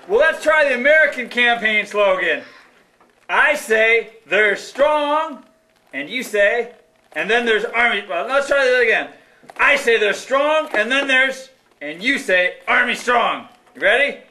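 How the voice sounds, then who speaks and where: A man's voice: high voice, expressive, normal speed, pushed and bright, full character voice. A man voicing a pushy, upbeat army recruiter puppet who talks like a salesman in a live puppet show, recorded in an echoey hall. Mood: pitching. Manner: salesy, cheerleading.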